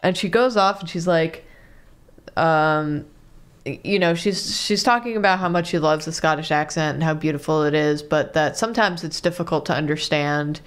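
A woman casually telling friends about a funny clip, chatty and animated. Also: low voice, moderate pace, clean tone. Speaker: show regular. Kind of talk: casual chat, storytelling.

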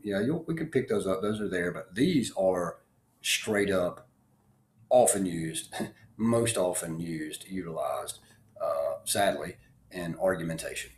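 Male lecturer, very low voice, steady explaining, roomy echo. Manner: steady, explanatory, with small fillers. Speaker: philosophy lecturer. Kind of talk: classroom lecture. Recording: echoey room.

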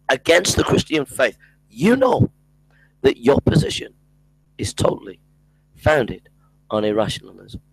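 A man's voice: mid-range voice, sing-song, a little slow, pauses often, husky, dry recording, low-quality recording. Emphatic man in a dry, close recording. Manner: emphatic, repeats phrases, mimics opponents. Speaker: Christian apologetics speaker. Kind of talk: casual monologue.

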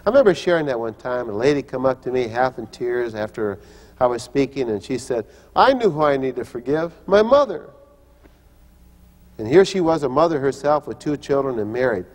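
A man's voice: medium pitch, quick pace, a little mellow, long reverb tail. An older man preaching a sermon, telling personal stories and acting out the voices he quotes, often restarting his phrases. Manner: storytelling, acts out quoted voices, frequent restarts. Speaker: pastor and teacher.

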